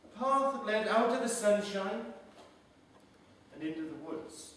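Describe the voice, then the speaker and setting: A man plays a haunted professional man who speaks in a reflective, halting way, his somewhat high voice rising and falling widely. He is heard from far off in an echoey theatre with faint hiss. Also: animated, a bit bright. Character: haunted middle-aged professional man addressing the audience. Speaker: stage actor. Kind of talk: live stage play monologue. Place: small theatre stage. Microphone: distant room mic.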